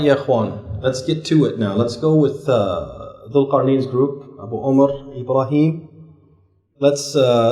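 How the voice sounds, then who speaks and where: A man leading a religious study workshop, asking the group questions and answering them himself, his voice climbing to press a point. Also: darkish tone. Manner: asks the class questions and fills in the answers himself; rises in pitch to stress points. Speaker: Islamic teacher leading a workshop. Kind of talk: interactive classroom teaching. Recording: echoey room.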